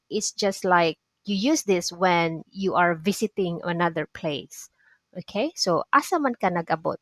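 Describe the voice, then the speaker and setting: A woman's voice: on the low side, no echo. A woman teaching a language lesson, patiently repeating phrases and checking understanding with frequent "okay?"s. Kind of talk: explaining vocabulary lesson.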